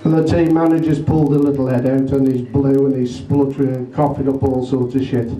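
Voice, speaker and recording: A man's voice: medium pitch, flat delivery, a little fast, hardly any pauses. A man doing a crude, swearing stand-up routine in a small pub, laughing at his own jokes. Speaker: amateur stand-up comedian. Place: small pub room with an audience. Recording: far from the mic in an echoey pub room, loud noise.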